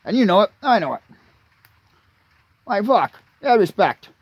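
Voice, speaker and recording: A man's voice: sits high, very animated, measured pace, breathy edge, no room sound, dull audio. A man in his late thirties, ranting angrily and crudely, swearing constantly as he rambles. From Canada. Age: 30s. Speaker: vlogger. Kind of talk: profane rambling rant.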